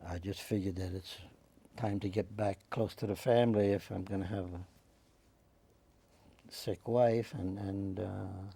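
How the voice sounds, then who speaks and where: Gravelly old New man reminiscing. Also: deep voice, steady tone, dark tone. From Staten Island, New York. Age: 90s. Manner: rambling, halting, with many restarts. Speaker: interviewee, WWII veteran. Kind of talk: oral history storytelling.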